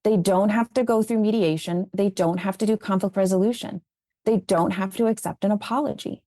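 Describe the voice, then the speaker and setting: A little fast and mid-range in pitch, this educator speaks earnestly in an interview about bringing up kids, livening up whenever she recounts what was said. It's studio-quality audio with no room sound.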